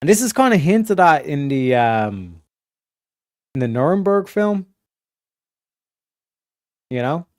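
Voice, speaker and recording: A man streaming a casual, rambling monologue, swearing constantly and full of fillers and restarts, going from emphatic to low muttered asides. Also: very animated, slow pace, long pauses, dry recording, studio quality. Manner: profane, filler-heavy, restarts often. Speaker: streamer hosting a study session.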